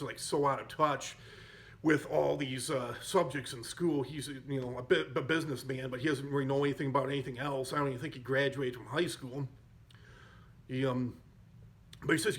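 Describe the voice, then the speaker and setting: Speaking with a medium-pitched, slightly bright voice, a man hosts a podcast in which he chats casually through the plot of a comedy movie. He fills his retelling with fillers and keeps correcting himself.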